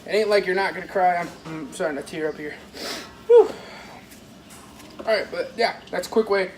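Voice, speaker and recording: Faint household noise sits behind a fishing vlogger who is cooking in his parents' kitchen and chatting casually to viewers. His high voice is a little mellow and moves at a moderate pace, and his talk is rambling and direct. The audio quality is poor.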